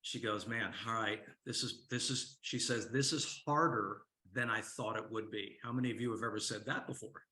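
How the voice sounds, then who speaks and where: Man coaching with a bright voice. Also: lowish voice, steady tone, moderate pace, few pauses, roomy sound. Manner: storytelling, asks the audience questions. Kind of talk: motivational talk to a men's group.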